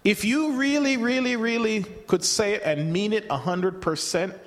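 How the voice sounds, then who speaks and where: A man's voice: sits high, normal speed. A man preaching a sermon in a conversational way, often repeating words and restarting as he acts out the voices he quotes. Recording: long hall reverb.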